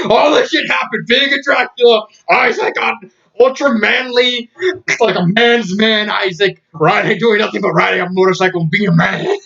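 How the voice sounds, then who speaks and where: A man's voice: sits high, normal speed, gravelly, pushed and bright. A man casually reviewing a story, laughing often in disbelief and using many fillers. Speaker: fan fiction reviewer. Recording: dull lo-fi audio.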